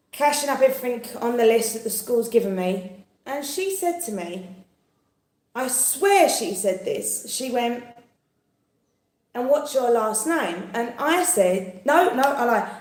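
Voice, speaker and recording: A woman's voice: a little high, slow pace, reverberant. A woman in her thirties chatting casually and acting out quotes as she tells stories. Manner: animated storyteller acting out quotes. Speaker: host. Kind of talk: casual chat.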